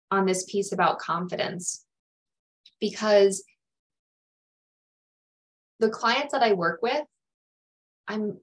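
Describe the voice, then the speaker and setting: A woman's voice: mid-range voice, a bit bright, poor audio. A woman career coach giving a webinar talk on self-talk, earnest, sometimes acting out anxious inner voices. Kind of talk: webinar presentation.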